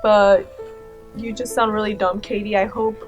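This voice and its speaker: A woman's voice: medium pitch, little pitch movement, moderate pace, lo-fi sound, music in the background. A woman in her thirties giving casual, sarcastic commentary, laughing often and saying "like" and "you know" a lot. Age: 30s. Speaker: commentary YouTuber.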